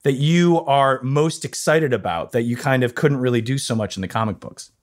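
A man's voice: mid-range voice, moderate pace. A man interviewing a guest, asking questions in an enthusiastic, chatty way. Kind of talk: casual interview talk.

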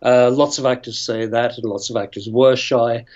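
A man's voice: mid-range voice, fairly even intonation, normal speed, a little mellow, dull audio. An older man from Northern Ireland, an actor telling long, rambling stories with many tangents and chuckles. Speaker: actor guest. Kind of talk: storytelling interview.

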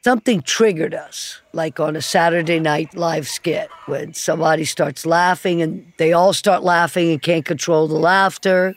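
A man's voice: a little high, steady tone, normal speed, hardly any pauses. A man journalist recalling a field assignment in an earnest, reflective interview.

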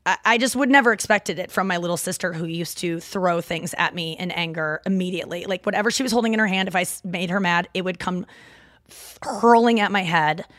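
A woman in her thirties with a Midwestern accent, hosting a podcast in rambling, animated casual chat from home. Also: lowish voice, fairly quick, dry recording, studio quality. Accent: Midwestern American. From St. Louis, Midwest US. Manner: rambling, animated, lots of fillers and self-interruptions. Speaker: podcast host. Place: home, seated in a chair.

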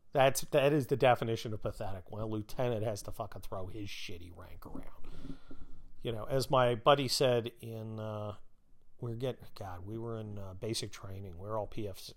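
A man in his fifties telling a story in casual, blunt, profane talk and acting out the people he quotes. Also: lowish voice. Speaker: podcast host.

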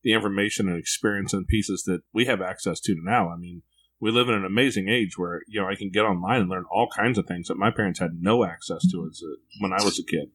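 A man's voice: low-pitched, quick pace, a bit bright. A man in casual conversation, candidly telling reflective personal stories as a podcast co-host.

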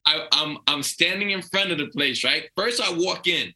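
Bright-voiced New York man telling stories. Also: a little high, normal speed, poor audio. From Brooklyn/Long Island, New York. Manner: animated, acts out quoted voices. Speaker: guest comedian. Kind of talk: casual storytelling.

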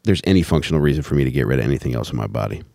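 A man with an extremely deep voice co-hosts a podcast and tells stories in quick bursts. His pitch swings a lot as he goes, with a deadpan edge. The recording is dry and close-miked. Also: vocal fry, no echo. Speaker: podcast co-host. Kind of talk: casual chat.

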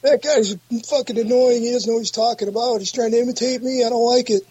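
Man doing a husky, very high-voiced older saint; crude, halting news read. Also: fairly even intonation, dark tone, muffled recording. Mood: smug. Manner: crude, insulting, halting delivery with many "uh"s.

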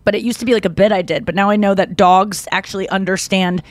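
A woman's voice: medium pitch, steady tone, fast talker, no echo. A woman co-hosting a podcast in casual chat, talking frankly and rambling, full of "like" and swearing. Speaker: podcast co-host.

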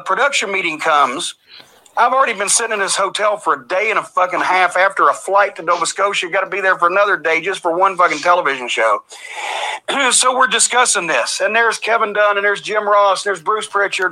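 An older man recounts an old backstage feud in a foul-mouthed, animated way. His voice sits high and rings very bright. He acts out the quoted lines as he goes. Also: poor audio. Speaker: storyteller recounting wrestling backstage days. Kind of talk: profane anecdote.

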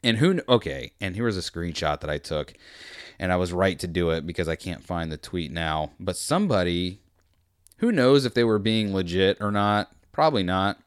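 Man, sarcastic, rambling commentary, crisp voice, dry close sound. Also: sits low, lively intonation, moderate pace, dry recording. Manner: sarcastic, rambling, swings between loud and muttered. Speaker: commentary video host. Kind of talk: reading and mocking tweets.

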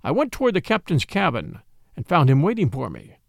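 A man narrating a ghost story aloud in a measured, expressive way, on a close mic. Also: fairly high pitch, vocal fry, no echo.

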